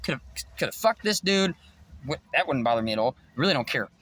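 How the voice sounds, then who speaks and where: Lively high-voiced intense man. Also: fairly quick, slight background noise. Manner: intense, preachy, swears freely. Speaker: vlogger. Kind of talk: rambling spiritual monologue.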